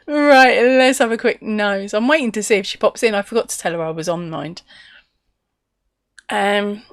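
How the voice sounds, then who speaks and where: English woman, live-stream crochet host, chatty and laughing, slightly high voice, dry sound. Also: a bit bright, dry recording. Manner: chatty, laughs often, reads viewer comments aloud. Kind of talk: casual live-stream chat.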